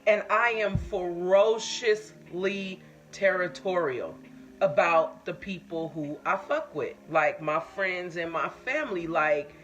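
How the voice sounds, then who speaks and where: A woman's voice: lowish voice, slow, fairly bright tone. A woman hosting a live stream in casual chat. She tells her own stories candidly with plenty of swearing and reads viewer comments aloud. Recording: muffled lo-fi stream audio.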